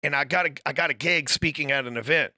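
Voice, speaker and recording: A man with a high, gravelly voice tells rowdy stories on a podcast, swearing freely and acting out what others said to him. His tone is bright and cutting, and the close mic sounds dry. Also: fast talker, dry recording. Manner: profane, loud storytelling with acted-out quotes. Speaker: podcast host. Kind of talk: casual podcast chat.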